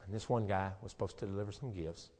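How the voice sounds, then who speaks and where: A pastor with a low voice preaches fast, shifting between quiet, conversational talk and fervent, shouted rhythmic passages. His delivery has a repetitive, rhythmic preaching cadence.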